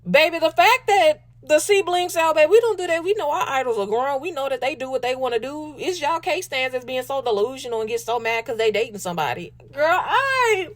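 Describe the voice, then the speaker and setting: A woman with a Southern US accent hosting a casual commentary talk show, sassy and animated, calling her listeners baby and y'all. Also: sits high, a little fast, hardly any pauses. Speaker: podcast host.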